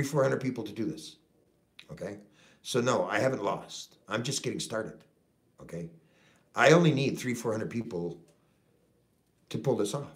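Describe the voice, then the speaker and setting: Profane, fired-up Canadian trucker ranting. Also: male voice, lowish voice, vocal fry. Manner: profane, repetitive, keeps saying okay. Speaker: activist vlogger. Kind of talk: impassioned rant to camera.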